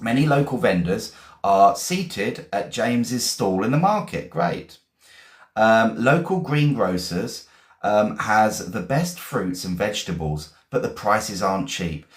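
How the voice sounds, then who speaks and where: A man's voice: on the low side, lively intonation, slow pace. Encouraging male teacher, echoey room. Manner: encouraging, reads out viewers' sentences. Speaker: English teacher. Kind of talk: live-stream vocabulary lesson.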